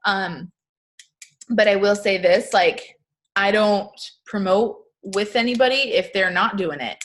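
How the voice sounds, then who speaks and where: A woman's voice: mid-range voice, measured pace, a bit bright. Chatty upbeat woman leading a team. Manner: chatty, upbeat, lots of "like" fillers. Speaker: network marketing team leader. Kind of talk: casual motivational talk.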